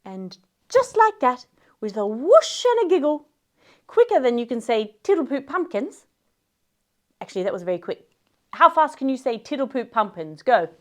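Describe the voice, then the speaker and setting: Playful high-voiced woman storyteller. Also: big pitch swings, moderate pace. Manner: playful, silly, chatty asides to the audience. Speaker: children's storyteller. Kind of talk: read-aloud storytelling for kids. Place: outdoors in a garden.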